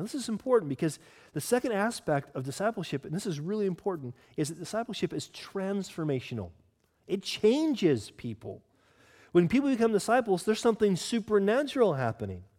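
A man preaching a sermon as pastor, earnest and teaching, asking the congregation questions and slowing down to stress scripture. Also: high-pitched, darkish tone. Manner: stresses key words, slows down for scripture.

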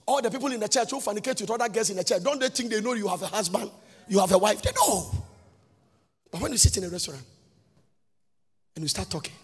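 A man's voice: high voice, very fast, slightly rough. A man preaching a sermon as a pastor, in a sing-song cadence full of questions to the congregation. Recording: long hall reverb with faint music.

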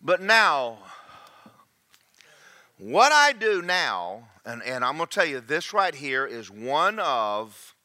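Male preacher, forceful bright delivery, wide swings in pitch, jokey and engaging with the congregation. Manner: animated, jokey, checks in with the congregation. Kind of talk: sermon.

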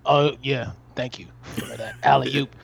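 A man co-hosting a podcast in casual chat, animated and joking, often restarting his sentences. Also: medium pitch, measured pace, creaky, husky, no room sound. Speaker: podcast co-host. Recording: dry, dull lo-fi sound.

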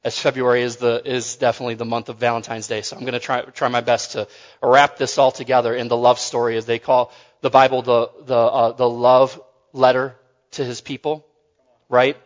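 A man's voice: medium pitch, flat delivery, brisk, big-room sound, highs cut off. A man preaching a sermon in a loose, conversational way, joking and often restarting his phrases.

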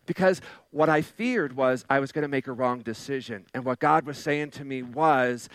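A male pastor preaching a sermon in a conversational way, with frequent fillers and restarts, slowing down to stress key phrases. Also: mid-range voice, fairly bright tone, no echo.

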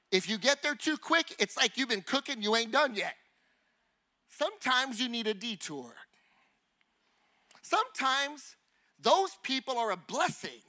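High, bright-voiced animated male preacher. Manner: animated and conversational, with rhetorical questions to the congregation; acts out little scenes and honking noises. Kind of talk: sermon.

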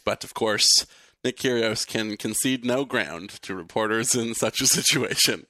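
A man's voice: on the low side, normal speed, pushed and bright, no echo. A young man co-hosting a podcast, chatting wryly about sports with a laugh in his voice. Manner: wry, laughing, reads quotes aloud. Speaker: podcast co-host. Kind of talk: casual sports chat.

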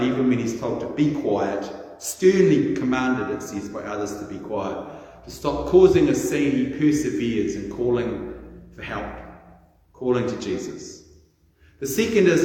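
A man's voice: mid-range voice, a little mellow. A man preaching a sermon in a conversational storytelling way, acting out quotes. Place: large echoey church. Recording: echoey church hall with long reverb.

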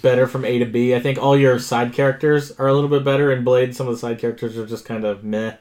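A man of middle pitch talks through his movie picks in a casual chat. He hesitates often and fills his speech with ums and uhs. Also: level tone, fast talker, a little mellow. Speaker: podcast co-host.

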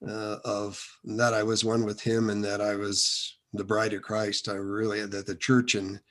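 A man's voice: lowish voice, monotone, a little slow, a bit bright. A man being interviewed, telling his own faith story in a loose, rambling way with many restarts and fillers. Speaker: interview guest. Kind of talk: casual testimony.

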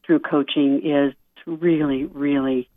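A woman guest on a radio interview, a life coach, talking softly and earnestly and laughing lightly now and then. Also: sits low, steady tone, takes it slowly, dry recording. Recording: dry tinny phone-line sound.

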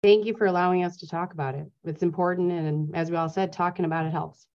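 A woman's voice: lowish voice, fairly even intonation, quick pace, darkish tone, highs cut off. A woman speaking as a podcast guest, instructive and emphatic as she explains prevention steps. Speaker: school mental health guest. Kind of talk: podcast interview.

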